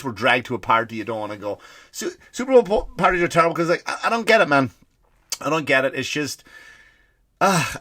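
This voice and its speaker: Irish man in his forties, comedic rant, bright sharp tone, dry close sound, rambling and profane. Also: medium pitch, no room sound. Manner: rambling, profane, stammering restarts. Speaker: comedian and podcast host.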